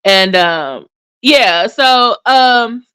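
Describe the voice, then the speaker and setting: A woman hosting a casual livestream commentary, chatty and animated, with many fillers and restarts. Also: fairly high pitch, drawn-out words, smooth. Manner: addresses viewers in chat by name. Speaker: commentary channel host.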